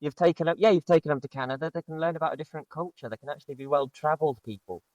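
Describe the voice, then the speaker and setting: A man's voice: a little high, rapid-fire, a little mellow, no echo, dull audio. A man, a podcast co-host speaking in an encouraging, praising way. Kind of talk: casual podcast chat.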